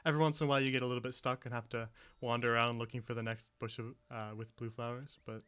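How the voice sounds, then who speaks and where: A man narrating as game master of a tabletop game, relaxed with frequent ums. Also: medium pitch, very fast, clean tone. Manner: relaxed, hesitant, many ums.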